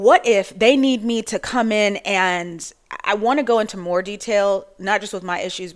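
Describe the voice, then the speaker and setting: A woman's voice: medium pitch, fairly bright tone. A woman in her forties talking casually to camera in a chatty, rambling monologue with frequent asides. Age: 40s. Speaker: vlogger.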